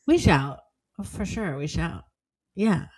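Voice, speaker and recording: Woman, 30s, podcast co-host; very animated pitch, emphatic, laughs a lot. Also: takes it slowly, breathy edge. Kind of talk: casual chat.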